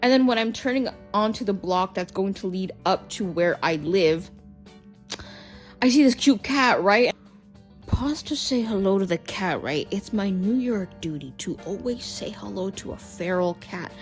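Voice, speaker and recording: A woman in her twenties telling stories to her vlog audience in an animated, chatty way, peppering her talk with "like" and "right?". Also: mid-range voice, normal speed, soft background music. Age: 20s. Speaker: vlogger. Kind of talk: casual storytelling vlog.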